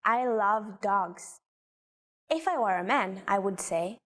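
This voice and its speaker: A woman teacher calmly demonstrating example sentences in a lesson, speaking carefully. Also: medium pitch, long reverb tail. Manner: calm, careful, slow example phrasing. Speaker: language teacher.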